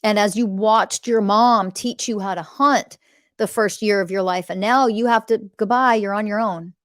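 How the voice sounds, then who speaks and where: A woman's voice: medium pitch, fairly even intonation, normal speed, no room sound, studio quality. A woman hosting a spiritual coaching podcast, speaking in a blunt, emphatic monologue full of swearing and urgent pleas to her listeners.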